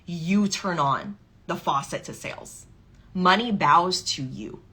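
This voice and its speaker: A woman's voice: lowish voice, takes it slowly, a bit bright, husky. A woman giving a motivational coaching talk on sales and money, emphatic and fond of acting out inner doubts in quoted voices.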